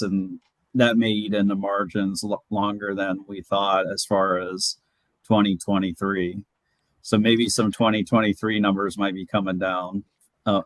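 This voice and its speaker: A man's voice: fairly low pitch, no echo, low-quality recording. A man talking in a casual panel discussion, thoughtful and hedging with fillers.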